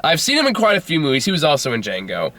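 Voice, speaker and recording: A man's voice: on the high side, wildly swooping pitch, very fast, pushed and bright. A young man hosting a casual movie review, rambling, laughing often and swearing freely.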